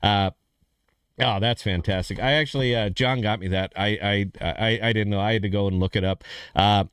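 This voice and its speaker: A man's voice: lowish voice, fairly even intonation, brisk, fairly bright tone, clear, resonant tone, dry recording, clean studio sound. Rambling, easygoing male stream host. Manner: rambling, repeats himself, calls people "dude" and "man". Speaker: podcast host. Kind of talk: casual live-stream chat. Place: studio in front of a green screen.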